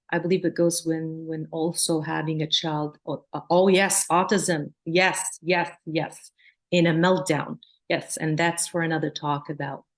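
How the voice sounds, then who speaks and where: A woman's voice: low-pitched, creaky. Earnest woman psychologist teaching. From Palestine, raised in Jordan. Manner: earnest, explanatory, demonstrates soothing sing-song tones. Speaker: psychologist and lecturer. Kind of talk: teaching a workshop.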